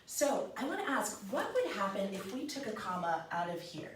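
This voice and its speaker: A woman's voice: mid-range voice, sing-song, normal speed. An upbeat young woman leads a small classroom grammar lesson, encouraging her students as she works through examples. She is picked up from a distance in an echoing room. A faint hiss sits under her voice. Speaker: student teacher leading a small group. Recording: roomy echo, mic far off, faint hiss.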